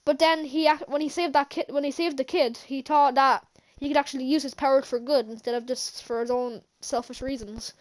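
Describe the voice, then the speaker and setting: High-voiced woman rambling through a movie recap. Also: fairly even intonation, a little fast, hardly any pauses. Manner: rambling, hesitant, many fillers and restarts; chuckles often while recounting scenes. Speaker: channel host, film reviewer. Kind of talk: casual movie recap vlog.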